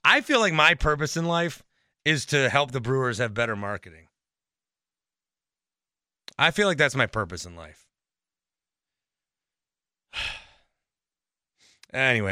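A man's voice: on the low side, pushed and bright, clean tone, no echo, clean studio sound. A man hosting a sports podcast, ranting in an exasperated, rambling way and swearing often. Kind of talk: ranting monologue.

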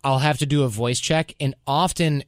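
A male podcast host talking casually, handing out advice in an animated way and acting out quotes. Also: medium pitch, moderate pace, no room sound, clean studio sound. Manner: animated, advice-giving, mock-quoting himself.

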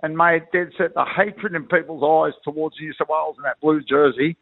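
A man's voice: fairly high pitch, steady tone, normal speed, no echo. A middle-aged Australian man, a former rugby league player, telling slangy, rambling stories as a guest on a radio call. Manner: blokey storyteller, slangy, rambling with restarts. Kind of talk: casual radio interview by phone. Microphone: telephone. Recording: tinny dry phone line.

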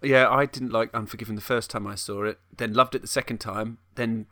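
A rambling, self-deprecating man co-hosting a podcast from a small attic room at home. His voice is bright and forward, recorded close and dry. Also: lowish voice, steady tone, a little fast, no room sound. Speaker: podcast co-host. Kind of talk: casual chat.

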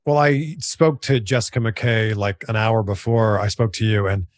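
A man hosting an interview, asking quick, enthusiastic questions in a casual tone. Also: on the low side, steady tone, no echo, clean studio sound. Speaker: podcast host.

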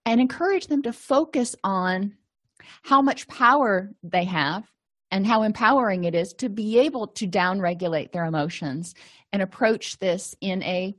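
A woman teaching therapy skills to clinicians in a conversational way, often acting out short sample dialogues. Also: mid-range voice. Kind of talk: lecture to clinicians.

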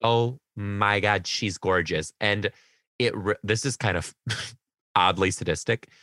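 A young man, a teacher, chatting casually on a podcast with his mother, telling stories in an animated, giggly way. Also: lowish voice, slow pace, no echo, studio quality. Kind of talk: casual chat.

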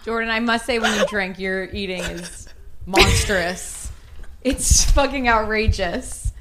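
A young woman joining a casual chat, teasing her friends in a relaxed way. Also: mid-range voice, slow. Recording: noisy background.

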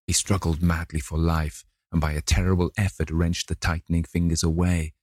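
A man narrating a classic novel in a measured, dramatic reading. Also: deep voice, flat delivery, a little mellow, breathy edge, no echo, studio quality. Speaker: audiobook narrator.

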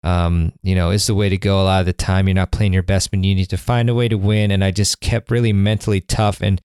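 A man's voice: sits low, level tone, quick pace, a little mellow, clean tone, no echo, clean studio sound. A man hosting a podcast, talking in a rambling, enthusiastic way with lots of fillers and restarts. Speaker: podcast host. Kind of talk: casual conversational intro and interview.

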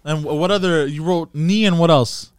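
A man's voice: a little high, normal speed, smooth, no room sound, clean studio sound. A man hosting a podcast, telling an embarrassing story with lots of laughing. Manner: laughing, sheepish, animated storyteller. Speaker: podcast host. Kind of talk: casual podcast banter.

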